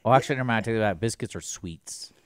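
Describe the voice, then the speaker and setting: A man with a lowish voice co-hosts a community radio show, trading deadpan jabs and easygoing chat. His delivery is laid-back and dry. The studio sound is close, with no room echo. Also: rapid-fire, clear, resonant tone. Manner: deadpan teasing quips. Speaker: co-host of a radio talk show. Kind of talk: casual chat.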